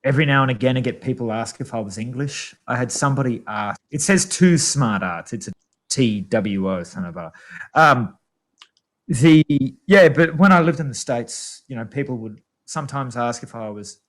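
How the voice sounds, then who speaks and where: A man's voice: mid-range voice, lively intonation, normal speed. A man from Australia with a mild, rounded Australian accent, co-hosting a casual chat show in an easygoing way. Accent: Australian, mildly rounded. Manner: easygoing, apologetic, laughs often. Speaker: co-host.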